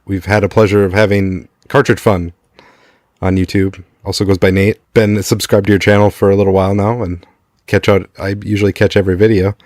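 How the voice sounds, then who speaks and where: A man hosting a podcast interview, laid-back and a little halting, with fillers. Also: low-pitched, flat delivery, darkish tone, no echo, studio quality. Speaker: podcast host.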